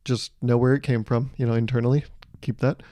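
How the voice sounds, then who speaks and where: A man's voice: medium pitch, level tone, a little fast, mellow, no room sound. A man hosting a podcast, rambling through a playful comedic monologue full of self-amused asides. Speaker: podcast host.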